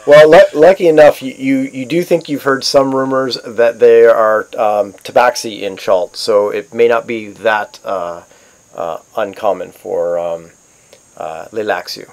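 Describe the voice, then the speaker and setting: A man running a tabletop game as game master, halting and stammering with many fillers. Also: mid-range voice, fairly even intonation, darkish tone, rough recording. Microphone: voice call.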